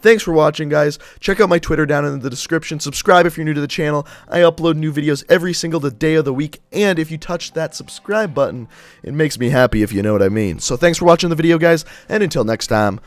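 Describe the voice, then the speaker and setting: A man's voice: a little high, quick pace. A young man hosting a gaming channel, chatting casually and upbeat through game news with rambling explanations.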